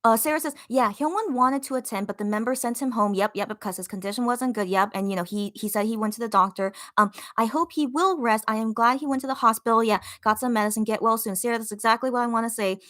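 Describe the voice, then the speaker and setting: Bright-voiced excited woman fan host. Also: on the high side, quick pace, few pauses. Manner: excited, gushing fan talk with many fillers. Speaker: podcast host reading live chat comments. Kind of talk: casual livestream chat.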